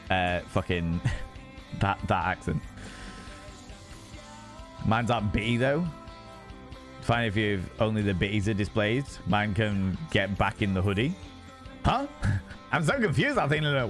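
A man's voice: on the low side, lively intonation, measured pace, long pauses, soft background music. A young man streaming live, chatting with viewers in a playful, sweary way and greeting them by name. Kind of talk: casual live-stream chat.

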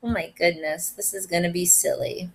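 A first grade teacher, a woman, reading a picture book aloud in an animated, expressive way. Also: on the low side, normal speed, vocal fry.

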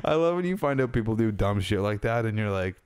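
A man's voice: lowish voice, expressive, fast talker, darkish tone, clear, resonant tone. A man co-hosting a podcast in casual, profane chat, laughing and acting out other people's lines. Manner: swearing, laughing, acts out quoted voices. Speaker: podcast co-host.

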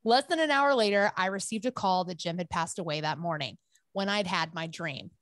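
A woman co-hosting a podcast, reading a listener's story aloud in an expressive, animated way. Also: fairly low pitch, fairly quick, no room sound. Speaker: podcast co-host.

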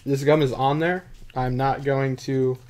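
A man's voice: mid-range voice, steady tone, unhurried, background noise. A man hosting a live card-breaking stream in casual, self-mocking chat with a dry throat. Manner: joking, self-mocking, chatty.

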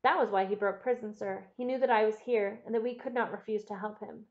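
A woman's voice: mid-range voice, fairly even intonation, fairly quick, lo-fi sound, close to an everyday voice. A woman voicing a distraught middle-aged housekeeper who earnestly confesses to her master, in an audiobook reading. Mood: confessing.

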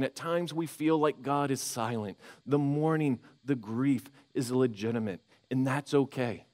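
A man preaching a sermon as pastor, conversational and animated, acting out inner voices with frequent restarts. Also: a little high. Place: church sanctuary.

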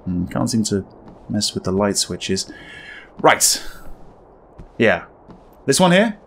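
A man's voice: fairly low pitch, very animated, takes it slowly, vocal fry, fairly bright tone, a little hiss or hum. A man giving casual, wry commentary while playing a horror game, thinking aloud. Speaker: gaming video creator.

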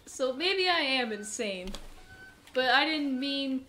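A young woman with a high, bright voice narrates her own game run as she plays. She is excitable, breaking into panicked shrieks when things go wrong, then drifting into rambling, self-mocking chatter with laughs. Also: takes it slowly, slight background noise. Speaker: gameplay commentator. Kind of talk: let's play commentary.

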